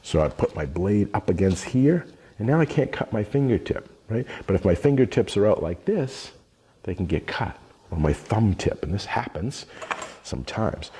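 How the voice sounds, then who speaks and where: A middle-aged man runs a cooking demonstration as a culinary instructor, narrating each step while working with his hands. His voice is lowish, warm and husky, with big pitch swings and a moderate pace.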